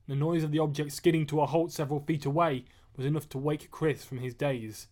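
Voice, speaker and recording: A man reading a chapter of his own novel aloud on a live stream, measured and steady, after a casual greeting. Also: fairly high pitch. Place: at home. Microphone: webcam or phone mic.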